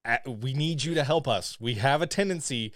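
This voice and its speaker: Male co-host, playful and animated, lively pitch, dry recording. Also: normal speed, no echo. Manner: lively, playful, laughs often. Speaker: podcast co-host. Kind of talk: casual chat reviewing a TV episode.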